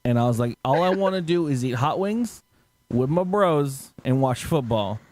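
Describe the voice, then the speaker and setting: Animated storytelling man, dry close mic. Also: medium pitch, moderate pace, dry recording. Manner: animated, laughing, acts out quotes with swearing. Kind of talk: casual storytelling chat.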